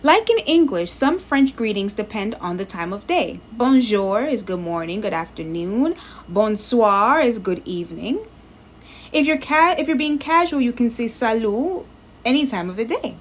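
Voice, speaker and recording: A chatty woman streamer with a slightly raised pitch talks her way through a language lesson. She thinks out loud, sounds out words and greets viewers in her chat. There is a faint hum of noise behind her. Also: lively intonation, moderate pace. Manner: reads lesson text aloud, sounding words out. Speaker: live-streamer learning languages. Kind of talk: casual live-stream commentary.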